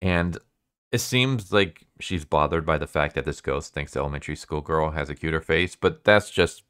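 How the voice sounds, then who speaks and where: A man's voice: a bass voice, normal speed, a bit bright, clear, resonant tone, dry recording, clean studio sound. A man casually recapping a manga chapter in a laid-back, chatty way, leaning on "like" and "basically.". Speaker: manga reviewer.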